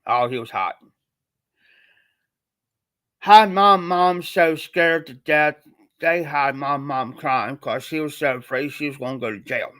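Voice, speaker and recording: A man's voice: fairly high pitch, a little slow, pauses often, a bit bright. Rambling, colloquial storyteller, a man. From Ohio. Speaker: livestream host. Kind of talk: casual personal storytelling.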